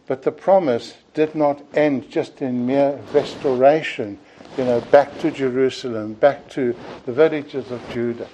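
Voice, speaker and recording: A man preaching an evening sermon in an earnest, deliberate way, often closing his points with "you see". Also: mid-range voice, fairly even intonation, mellow, low-quality recording.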